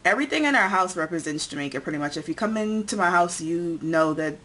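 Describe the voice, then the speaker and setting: A young woman talks to camera in a relaxed, chatty way, running through lists item by item with plenty of "um" and "like". Her voice sits a little low for a woman, and a faint hiss runs under the recording. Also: fast talker. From United States. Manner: chatty, filler-heavy, lists things one by one. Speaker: vlogger. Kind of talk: casual tag video chat.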